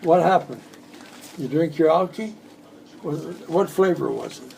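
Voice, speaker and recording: A man's voice: fairly high pitch, unhurried, gravelly, darkish tone, slight background noise, poor audio. A man in his eighties, a magician, chatting at home and telling rambling jokes between tricks. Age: 80s. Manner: joking, rambling storyteller. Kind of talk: casual chat with demonstrations.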